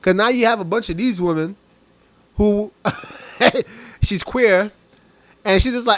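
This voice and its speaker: High-pitched man ranting in dry close sound. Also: takes it slowly, long pauses, no room sound. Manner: animated, laughs and mocks while ranting. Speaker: reaction commentator. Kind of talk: casual reaction commentary.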